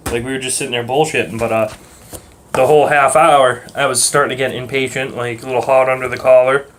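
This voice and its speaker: A man's voice: mid-range voice, slight background noise. Rambling, cursing young man venting. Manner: rambling, swears casually, many fillers. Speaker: vlogger. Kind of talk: casual rant to camera.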